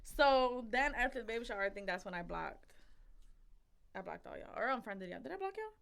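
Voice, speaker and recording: This young woman's voice is on the high side, brisk, with vocal fry. As a podcast co-host she tells a story in casual chat, animatedly acting out quotes and swearing a lot.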